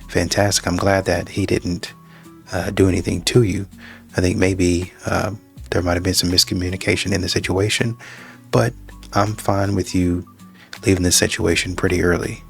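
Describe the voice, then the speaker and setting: Deep, flat, gravelly male host. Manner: measured, reasoning aloud. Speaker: reaction show host. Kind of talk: commentary on a clip.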